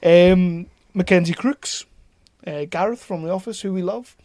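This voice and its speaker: Excitable sweary man. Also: sits high, a little slow, dry recording, studio quality. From North East England. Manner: excitable, swears freely, laughs while talking. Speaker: podcast co-host. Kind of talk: casual film chat.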